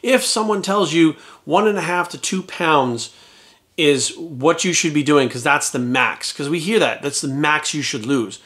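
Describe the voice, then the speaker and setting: A man, a fitness coach, telling a story in a casual monologue, blunt and full of swearing, and lively when he quotes people. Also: on the high side, unhurried. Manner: animated when quoting others.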